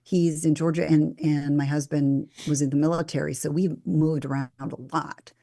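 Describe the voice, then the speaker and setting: A woman's voice: sits low, moderate pace, creaky. A woman from Minnesota, a former meteorologist, chatting as a guest and acting out quotes as she tells stories. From Minnesota, USA. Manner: animated storyteller who acts out quotes. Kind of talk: casual interview conversation.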